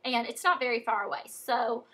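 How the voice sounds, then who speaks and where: A young American woman chatting through a childhood story in a casual vlog, animated and full of fillers. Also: fairly high pitch, normal speed, background noise. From United States. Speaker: vlogger.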